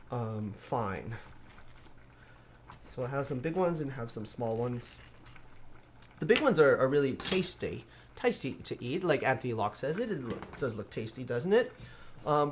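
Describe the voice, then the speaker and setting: A man streaming from his home kitchen, chatting casually as he cooks. His talk rambles and bursts into playful sound effects, at a middle pitch. Faint background noise sits behind him. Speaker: cooking streamer. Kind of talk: casual cooking livestream chat.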